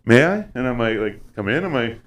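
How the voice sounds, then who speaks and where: A man at mid pitch tells a rambling story on a casual podcast, peppering it with swearing and putting on the voices of the people he describes. His delivery is loose and conversational. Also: fairly quick. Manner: profane, animated, acts out quoted voices. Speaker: podcast host.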